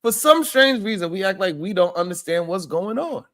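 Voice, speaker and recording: A man's voice: high-pitched, lively intonation, moderate pace, fairly bright tone. A man hosting a casual live stream, greeting chat viewers by name and arguing his point in a loose, rambling way. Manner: conversational, repeats himself as he rambles.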